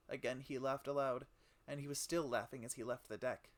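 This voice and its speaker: A man streaming a game, reading a sad first-person story aloud with feeling and sudden loud cries. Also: medium pitch, fairly even intonation, brisk. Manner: emotive, with sudden loud outcries on names. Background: music.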